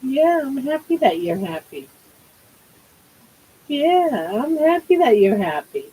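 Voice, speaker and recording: A woman's voice: high-pitched, sing-song, slow pace, warm tone, slightly rough, rough recording. An older woman hosting a casual livestream from home, cooing baby talk to her pet. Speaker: livestream host.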